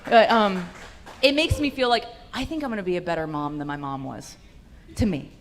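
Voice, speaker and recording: A woman's voice: lowish voice, moderate pace, noisy background. A young woman doing a stand-up set in a comedy club, brash and profane with punchy delivery into a handheld mic.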